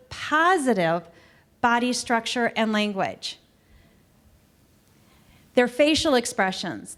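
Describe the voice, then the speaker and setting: A middle-aged woman giving a customer service training talk in a conversational, animated way, acting out quoted exchanges. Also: on the high side. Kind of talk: training presentation. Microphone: recorded to camera.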